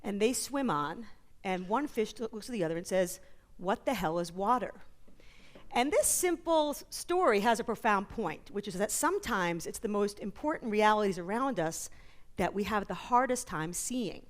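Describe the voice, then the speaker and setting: A woman talks on a conference stage at a middle pitch. She tells stories in an animated way and drops in quick jokes and asides. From New York, USA. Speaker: author and psychologist guest. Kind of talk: conference interview talk.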